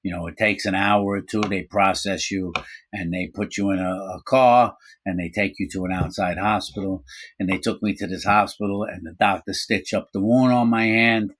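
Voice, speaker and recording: A middle-aged man casually telling a story from his own life, animated, acting out quoted voices, with frequent fillers. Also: low-pitched, moderate pace. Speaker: storyteller recounting his prison time.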